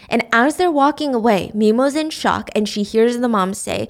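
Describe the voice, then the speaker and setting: A woman's voice: moderate pace, hardly any pauses. A woman casually retelling a drama's plot as host, acting out the characters' lines in raised voices. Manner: animated, acts out character lines in high voices. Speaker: show recap host. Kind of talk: casual storytelling recap.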